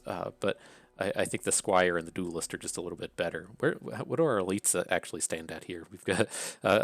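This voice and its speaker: A man's voice: low-pitched, no room sound. A man with an Appalachian accent casually thinking aloud through card draft picks, with many fillers and restarts. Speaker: card game content creator.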